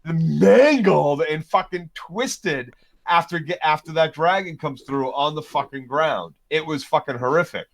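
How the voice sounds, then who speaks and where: A man's voice: on the high side, measured pace, vocal fry. A man co-hosting a casual TV recap podcast, emphatic and profane, often cutting in. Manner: emphatic, profane, talks over others. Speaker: podcast co-host.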